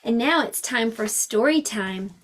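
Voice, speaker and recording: A woman teaching a preschool class, speaking gently and expressively to young children and reading a picture book aloud. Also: fairly high pitch, expressive, measured pace.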